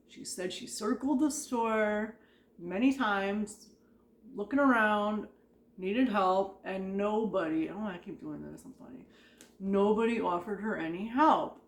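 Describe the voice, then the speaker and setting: A woman's voice: medium pitch, a little slow. Chatty woman telling work stories. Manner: chatty, rambling, heavy use of "like", frequent laughter. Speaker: vlogger recounting retail work stories. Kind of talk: casual storytelling. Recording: echoey room.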